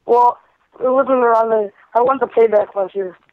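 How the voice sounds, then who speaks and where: A man from Chicago calls in and gives brief, halting answers in a high voice. The sound is thin and tinny, as if heard over a phone line. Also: steady tone, smooth, no room sound. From Chicago area. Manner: short, hesitant answers. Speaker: caller.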